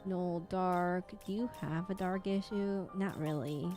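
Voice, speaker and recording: A woman's voice: lowish voice, steady tone, unhurried, music in the background. A young woman streaming a game, chatting casually and thinking aloud in a rambling way. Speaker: VTuber streamer. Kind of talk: casual gaming stream chat.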